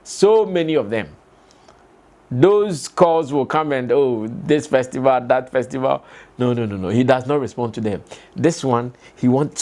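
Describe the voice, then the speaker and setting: A man's voice: fairly high pitch, a little mellow. A man hosting an entertainment show, giving opinionated commentary full of rhetorical questions and repeated points.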